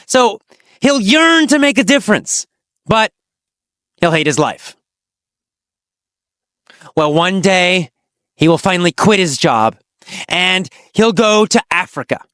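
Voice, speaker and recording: An English teacher telling a teaching story, asking simple questions and answering them, with slow, exaggerated storytelling and dramatic pitch swings. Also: expressive, fairly bright tone, dry recording, studio quality.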